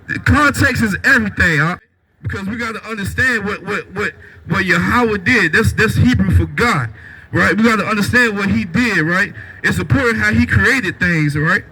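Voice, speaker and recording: A man's voice: sits high, moderate pace, sharp tone, husky, rough recording. A man preaching a street sermon, firing off rhetorical questions and asking "right?" after almost every line.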